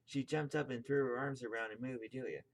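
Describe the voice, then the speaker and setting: A man's voice: medium pitch, steady tone, quick pace, gravelly. A man reading a children's picture book aloud, tripping over words and correcting himself. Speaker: video host reading aloud.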